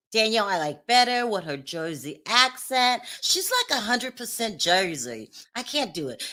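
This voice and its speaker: A woman's voice: medium pitch, bright, forceful tone. A woman hosting a casual reality TV recap, chatty and candid, laughing often and talking to her viewers in the live chat. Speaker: reality TV commentary host.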